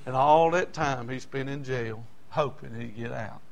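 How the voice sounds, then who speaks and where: A man, preaching a sermon in a folksy, animated way with homespun asides. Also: mid-range voice, a little slow, vocal fry. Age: 60s.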